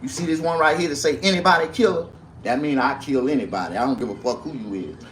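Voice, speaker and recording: A man rambling on a livestream about tattoos, his shirt and a rap feud, out of breath, with loud bursts and mumbled asides. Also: medium pitch, quick pace, slight background noise. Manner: rambling and animated, swinging between loud outbursts and mumbling. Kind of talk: casual livestream rant.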